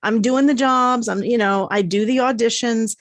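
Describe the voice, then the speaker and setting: A woman's voice: a little high, moderate pace, dry recording, clean studio sound. Candid woman. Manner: candid, conversational. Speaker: podcast co-host, voiceover teacher. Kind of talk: casual chat.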